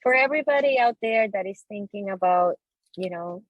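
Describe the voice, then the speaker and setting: A woman's voice: medium pitch, animated, normal speed, no echo, lo-fi sound. A woman whose first language is not English, speaking as a guest on a webinar panel in a friendly way, with many fillers and restarts. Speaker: guest speaker from a virtual assistant company.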